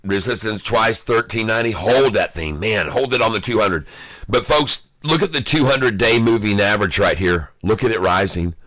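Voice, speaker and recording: Man, live trading commentary, bright tense voice, dry close sound, excitable, taunting. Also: lowish voice, moderate pace, no room sound. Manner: taunting, excitable, talks to viewers as folks. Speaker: stock day-trader streaming live.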